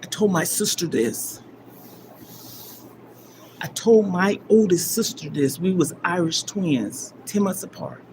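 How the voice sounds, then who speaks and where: A woman's voice: fairly low pitch, lively intonation, takes it slowly, pauses often. Older woman rambling emotionally on a live stream. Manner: rambling and emphatic, swinging from loud bursts down to near-whispers. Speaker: livestream host. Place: gym. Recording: livestream with clear background noise.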